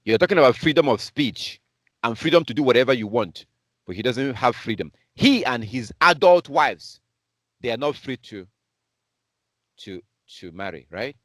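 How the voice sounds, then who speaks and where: A man's voice: mid-range voice, expressive, normal speed, no echo, studio quality. Heated preacher man from Africa. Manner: heated, repetitive, scornful. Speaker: online preacher. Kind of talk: commentary on news clips.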